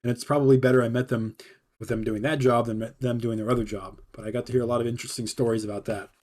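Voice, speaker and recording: A young man hosting a livestream tells a rambling, laid-back story packed with fillers. His mid-range voice is fast, darkish, and shows little pitch movement.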